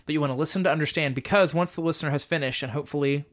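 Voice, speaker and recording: A man's voice: fairly high pitch, rapid-fire. A man teaching a communication method on a podcast, explaining step by step with a bit of self-deprecating humor.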